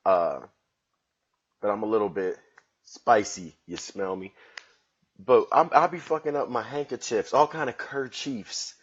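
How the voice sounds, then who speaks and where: Laid-back slangy comedian, low voice. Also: male voice, unhurried, long pauses, slightly rough, dull audio. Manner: loose, joking, slangy street talk. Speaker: podcast host and comedian. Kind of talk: casual solo podcast monologue. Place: at home on his couch.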